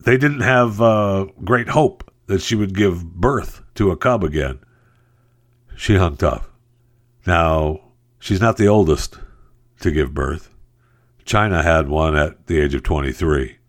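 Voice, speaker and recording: A male talk host with a fairly low voice riffs on the day's news. He is sarcastic and exasperated, jumping up into mocking high notes and dropping back to a grumble. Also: slow pace. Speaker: radio show host. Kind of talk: opinionated news commentary.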